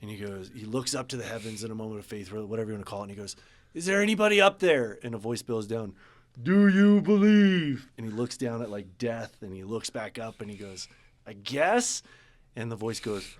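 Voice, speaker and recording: A man speaking as a business coach guest in a podcast interview, earnest and animated when telling a story. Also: on the low side, quick pace, hardly any pauses. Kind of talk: casual interview talk.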